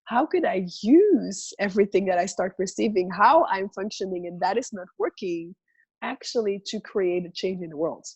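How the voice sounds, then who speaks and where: Husky-voiced woman musing in a video call. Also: medium pitch, normal speed, darkish tone, muffled recording. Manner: reflective, poses questions, acts out inner voices. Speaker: guest facilitator. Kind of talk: conversational video call chat.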